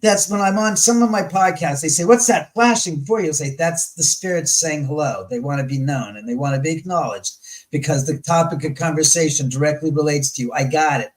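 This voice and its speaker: A man guest on a live talk show, telling a story in a lively way, acting out his past arguments and swearing freely. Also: a little high, brisk, low-quality recording. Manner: animated, acts out his own past arguments.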